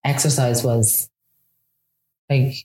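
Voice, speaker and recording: A woman in her thirties with an Irish accent, telling a personal story in a chatty, animated way with lots of fillers. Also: extremely low pitch, slow, roomy sound. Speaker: guest. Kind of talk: casual storytelling.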